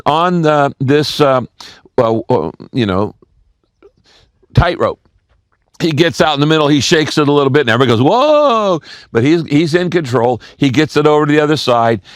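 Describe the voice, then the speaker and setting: An older male pastor delivers a sermon in a storytelling way, playing the people in his stories and repeating his main points. His voice sits at a middling pitch. The sound is dry and close, with little room echo. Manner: storytelling preacher, acts out quoted voices, repeats key lines.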